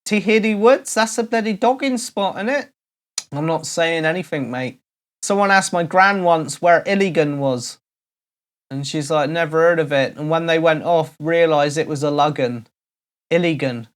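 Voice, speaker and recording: This middle-aged Cornishman, from Cornwall, England, works as a DJ and vlogger, and his voice sits on the high side at a moderate pace. He chats casually and jokingly to his followers in a comedic vlog, full of playful asides.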